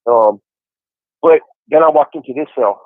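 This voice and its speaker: A man's voice: mid-range voice, moderate pace, no echo. A man in his forties calling in to a podcast, chatting casually and telling his story in an easygoing way with lots of "you know". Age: 40s. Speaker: incarcerated caller on a podcast. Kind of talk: casual phone chat. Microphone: phone handset. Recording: tinny prison phone line.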